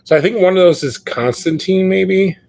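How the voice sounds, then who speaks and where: A man's voice: sits high, normal speed, vocal fry, a little mellow, slight background noise. A young man hosting a casual comic book podcast, talking in a rambling way with many fillers. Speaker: podcast host.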